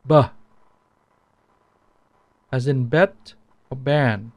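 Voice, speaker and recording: A man teaching a language pronunciation lesson, repeating each sound slowly so it can be compared. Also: fairly high pitch, creaky, darkish tone, no room sound.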